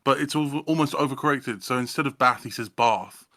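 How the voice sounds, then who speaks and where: A man's voice: mid-range voice, fairly even intonation, fast, pushed and bright, no echo, clean studio sound. A man whose accent sits between Estuary English and RP, chatting enthusiastically with lots of stammered restarts. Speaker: audio drama maker. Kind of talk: casual panel chat.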